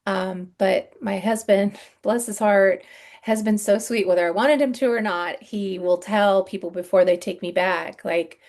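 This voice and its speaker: A middle-aged woman speaking candidly in a podcast interview, halting and earnest, with frequent ums and soft sighs. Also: medium pitch. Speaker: guest sharing her story.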